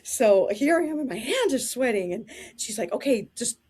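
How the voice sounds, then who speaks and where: Husky, high-voiced woman telling stories. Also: normal speed. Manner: animated, laughing while telling anecdotes. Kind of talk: casual interview storytelling.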